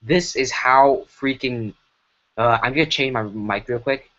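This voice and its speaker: A man's voice: medium pitch, unhurried, bright, forceful tone. Rambling man on a dull lo-fi mic. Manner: rambling, self-correcting, many fillers. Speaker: streamer animating. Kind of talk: casual livestream commentary. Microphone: broken computer mic.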